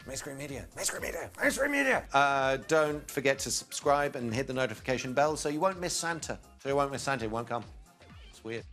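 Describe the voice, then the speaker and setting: A man's voice: mid-range voice, fairly quick, fairly bright tone, soft background music. A man hosting a satirical news show, giggling and fumbling through outtakes.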